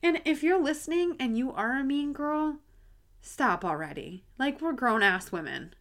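A woman's voice: high-pitched, animated, normal speed, a bit bright. Woman host, 30s; blunt, casual, swears, laughs a lot. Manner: candid and blunt, swears freely, laughs often. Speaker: podcast host. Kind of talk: casual solo podcast talk.

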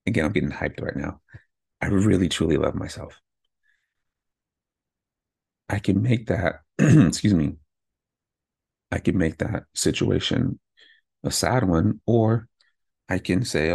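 Male podcaster, a father, gravelly low voice with a husky edge, close dry mic, motivational and candid. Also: unhurried, pauses often, a little mellow, no room sound. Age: adult with kids. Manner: candid, pumped-up self-talk with frequent "right?". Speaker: podcast host.

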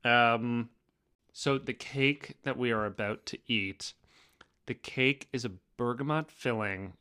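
A man co-hosting a podcast in loose, chatty conversation. He has a bright, clear and smooth voice, and he talks with plenty of fillers and restarts. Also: medium pitch, slow pace. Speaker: podcast co-host. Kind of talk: casual chat.

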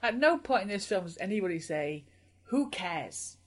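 A woman's voice: medium pitch, sing-song, fast talker. A woman from England co-hosting a podcast, teasing and blunt in casual comic chat. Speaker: podcast co-host.

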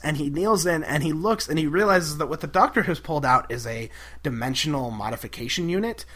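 A man's voice: a little high, a bit bright. A man co-hosting a podcast, recapping an episode in casual chat, enthusiastic and giggly with lots of fillers. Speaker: podcast co-host.

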